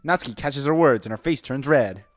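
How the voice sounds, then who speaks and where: A man's voice: mid-range voice, expressive, fairly quick, no echo, faint music behind. Man reading game dialogue aloud. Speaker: gamer reading the protagonist. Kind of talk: casual let's play, reading dialogue and narration.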